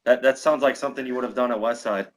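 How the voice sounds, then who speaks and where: A male podcast host with a middle-pitched voice talks in an easygoing way. He reacts in a relaxed tone and looks back casually on his own past. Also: fast, slight background noise. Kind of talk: casual chat.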